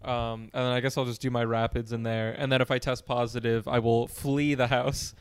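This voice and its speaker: Rambling anxious man with smooth voice. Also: mid-range voice, level tone, fairly quick. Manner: rambling, anxious, self-deprecating. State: congested. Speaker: podcast co-host. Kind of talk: casual chat. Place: room at home.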